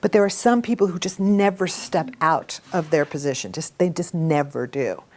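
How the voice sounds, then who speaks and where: A middle-aged woman teaching a communication workshop to a live group, talking in a lively, animated way. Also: low-pitched, normal speed. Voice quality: animated storytelling with acted quotes. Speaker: workshop instructor.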